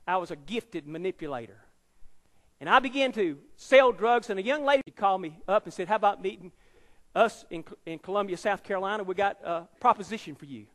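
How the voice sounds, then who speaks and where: A man's voice: high-pitched, brisk, fairly bright tone, long reverb tail. A man in his fifties, an evangelist telling his life story as a sermon to a university audience, dramatic and emphatic, acting out the people in his story. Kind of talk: testimony sermon. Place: large university auditorium.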